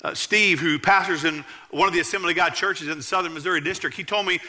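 Bright-voiced pastor preaching. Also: male voice, steady tone, quick pace. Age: 40s. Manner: earnest preaching, rising emphatic then dropping low for storytelling. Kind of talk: sermon.

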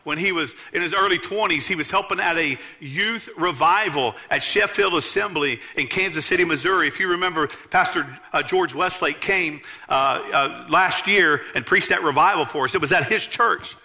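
A man, preaching a sermon as pastor in a church, earnestly emphatic and dropping low to tell stories. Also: normal speed, few pauses, pushed and bright. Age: 40s.

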